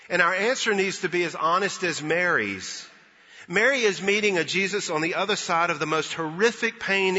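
A man preaching an Easter sermon as pastor, retelling a story earnestly and pausing for emphasis. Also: high voice, sharp tone. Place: church sanctuary. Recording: dull lo-fi with long hall reverb.

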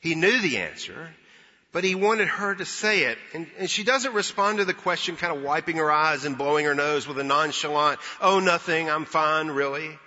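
A man preaching an Easter sermon as pastor, retelling a story earnestly and pausing for emphasis. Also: a little high, expressive, sharp tone. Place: church sanctuary. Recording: dull lo-fi with long hall reverb.

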